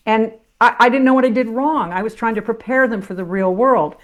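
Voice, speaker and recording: A woman's voice: mid-range voice, moderate pace, few pauses. An older woman, a former sportscaster turned teacher, telling her life story as a podcast guest in a blunt, salty, self-mocking way. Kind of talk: candid personal storytelling.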